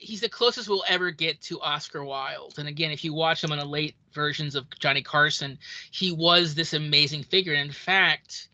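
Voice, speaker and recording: A podcast co-host chatting casually about films, telling scenes in an animated way and acting out quoted lines. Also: medium pitch, moderate pace, no room sound. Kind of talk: casual film chat.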